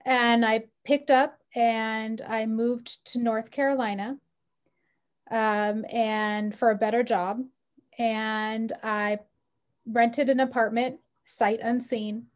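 A woman's voice: a little high, level tone, takes it slowly. A woman in her forties, an interview guest telling her personal story in an earnest, heartfelt way with frequent ums. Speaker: mother.

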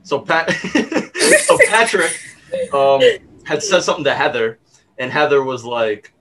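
A man's voice: mid-range voice, very animated, background noise. Young male host, twenties, casual reminiscing, fillers, easy laughter. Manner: halting, many fillers, laughs easily. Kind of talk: casual chat.

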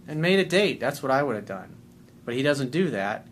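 A man coaching on dating in a frank, profane way, reading a listener's email aloud and breaking in with his own opinions. He has an ordinary mid-pitched voice and slips into other voices when he quotes people. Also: sing-song, moderate pace, a little hiss or hum. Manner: blunt and profane; acts out quoted lines in a shifted voice.

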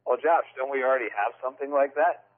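A man's voice: mid-range voice, quick pace. A man co-hosting a podcast in casual chat, teasing and sarcastic. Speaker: podcast co-host. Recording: tinny phone-line sound.

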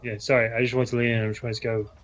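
A man's voice: mid-range voice, flat delivery, very fast, a bit bright, highs cut off. A man playing a tabletop game, asking polite, tentative questions in character. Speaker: player. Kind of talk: role-playing an investigator.

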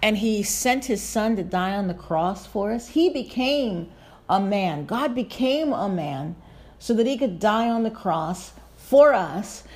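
A middle-aged woman preaching a heartfelt devotional sermon, emphatic and emotional, slowing down on key phrases. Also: mid-range voice.

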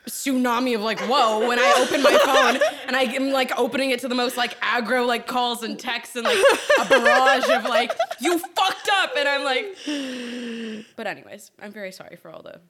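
A woman's voice: fairly high pitch, brisk, a crowd in the background. A woman co-hosting a podcast in casual chat, rambling with many fillers. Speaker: podcast co-host.

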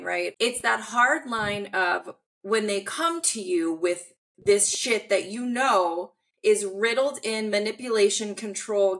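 A woman's voice: mid-range voice, creaky, pushed and bright. A woman hosting a podcast, speaking emphatically and outspokenly, with some swearing. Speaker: podcast host. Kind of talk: casual conversational interview.

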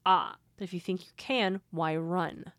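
A woman's voice: lowish voice, steady tone, measured pace, a bit bright, dry recording. A woman reading the lines of a teenage boy hero who confronts his dragon, urgent and pleading, in a close, dry recording.

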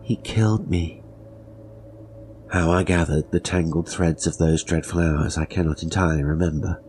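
Male narrator for a classic horror story, very low voice, grave and measured, faint background hiss. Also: level tone, darkish tone. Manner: measured, grave, dropping to whispers. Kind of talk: dramatic horror story reading.

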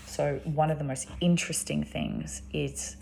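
A woman's voice: sits low, sing-song, unhurried, gravelly, warm tone, slight background noise. An Australian woman talking casually and rambling, with lots of ums and restarts. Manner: frequent ums and restarts, chatty. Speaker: vlogger.

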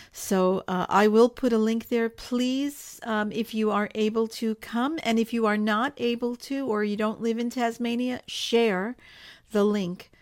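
A woman in a live broadcast, talking straight to her audience. Her voice sits at an ordinary middle pitch, and she sounds earnest and pleading. She stacks repeated phrases to press her point. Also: a little mellow. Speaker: organization spokesperson hosting a live broadcast. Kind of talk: impassioned direct-to-camera appeal.

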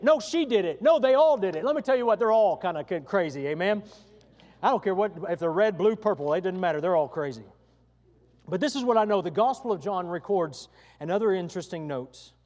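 A man's voice: on the high side, darkish tone, long reverb tail. A male pastor delivering a sermon, emphatic and given to repeating his phrases.

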